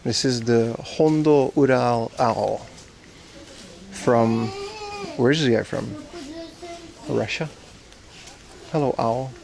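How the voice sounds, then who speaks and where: A man's voice: mid-range voice, slow pace, vocal fry, pauses often, a little mellow. A man from Aruba joking and swearing as he chats to viewers on a casual outdoor livestream. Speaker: streamer. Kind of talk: casual IRL livestream chat. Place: outdoors at a zoo park.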